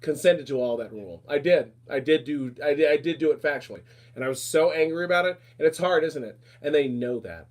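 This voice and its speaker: A man with a fairly high voice rants emphatically on his own podcast. He talks casually, circles back and repeats his points again and again. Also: expressive. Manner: emphatic, repetitive, fast rants. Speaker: podcast host. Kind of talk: casual ranting talk.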